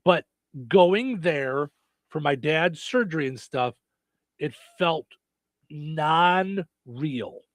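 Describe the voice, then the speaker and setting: A man's voice: fairly high pitch, animated, extremely slow, dry recording. A middle-aged man hosting a radio show, rambling easily through a list with chatty asides. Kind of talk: casual radio banter.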